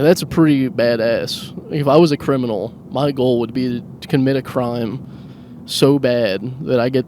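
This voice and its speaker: A man talks to himself while he drives, hosting a loose solo podcast. He wanders from one odd thought to the next and makes fun of himself as he goes. His voice sits at an ordinary middle pitch, with a faint hum from the car behind it. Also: darkish tone. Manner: rambling, self-mocking, laughs at his own jokes. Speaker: podcast host. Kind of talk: solo rambling comedic monologue. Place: inside a car, driving.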